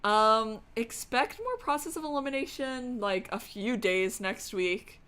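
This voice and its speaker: A woman streamer reading a game's narration aloud and chatting expressively and excitably, swearing casually. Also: fairly high pitch, unhurried, clear, resonant tone.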